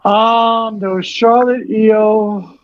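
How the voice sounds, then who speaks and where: A man co-hosting a casual wrestling chat, excitable and swearing as he retells scenes. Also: high voice, very slow, no room sound, lo-fi sound. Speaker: co-host.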